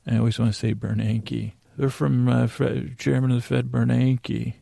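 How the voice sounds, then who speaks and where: A man hosting a sleep podcast, recapping a TV episode in a meandering, halting way with many pauses and self-corrections. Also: mid-range voice, little pitch movement, creaky, mellow, no room sound, studio quality. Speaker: podcast host.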